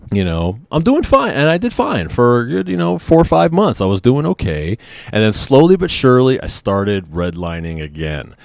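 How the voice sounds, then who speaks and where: A man's voice: low voice, dry recording, studio quality. A man in his thirties, a service member, venting in a confessional vlog in an emotional, agitated and profane way. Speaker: military member vlogger.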